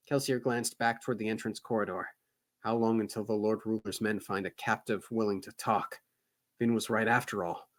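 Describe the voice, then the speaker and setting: A man co-hosting a book club show, reading a novel aloud with expressive, animated reactions. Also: on the low side, moderate pace. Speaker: podcast co-host reading aloud.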